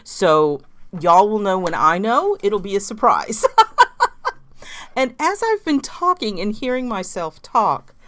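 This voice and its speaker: A woman's voice: mid-range voice, big pitch swings, a little slow, a bit bright. A woman with a Southern accent, a knitting vlogger chatting casually about her projects, rambling with restarts and small laughs. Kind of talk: casual chat.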